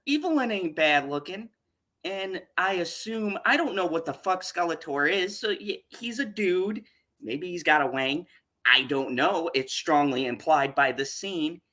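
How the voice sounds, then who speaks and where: A woman's voice: on the low side, lively intonation, unhurried, fairly bright tone. A woman giving a profane, exasperated rant while reviewing a show.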